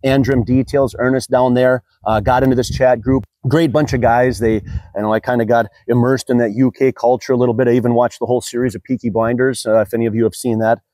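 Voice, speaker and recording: Chatty American man, mellow dry voice. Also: medium pitch, flat delivery, quick pace, no echo. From United States. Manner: chatty, rambling with many fillers. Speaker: car detailing YouTuber. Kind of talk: casual product review vlog.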